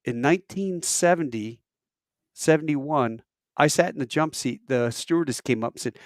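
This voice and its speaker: Speaking at medium pitch and normal speed, a fifty-something airline pilot and podcast co-host relates a lengthy personal tale in relaxed conversation. He's an animated storyteller who performs the quoted voices of each character. The sound is dry and studio-clean.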